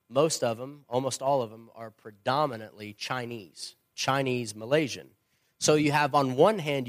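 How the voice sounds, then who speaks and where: A man's voice: mid-range voice, no room sound, studio quality. Earnest, opinionated missionary man. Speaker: missionary and former pastor. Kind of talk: church question-and-answer talk.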